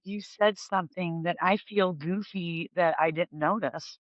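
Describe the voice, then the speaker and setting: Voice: medium pitch, unhurried, dry recording. Musing podcast co-host, muffled sound. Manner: musing, self-questioning. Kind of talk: casual conversation.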